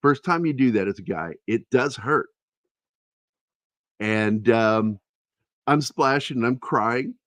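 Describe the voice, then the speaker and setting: A man's voice: mid-range voice, expressive, slow, pauses often, a bit bright, no echo. A man hosting a podcast, telling personal stories in a candid, rambling, foul-mouthed way. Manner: candid, rambling storyteller, swears freely. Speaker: podcast host. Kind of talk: casual chat.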